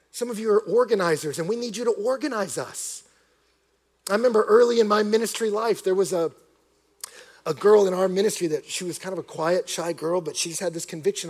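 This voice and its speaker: A young male pastor with a high, bright voice preaches with lively storytelling. He rises to excited shouts at his peaks, then drops into hushed, earnest sincerity. His delivery is casual and conversational. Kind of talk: sermon.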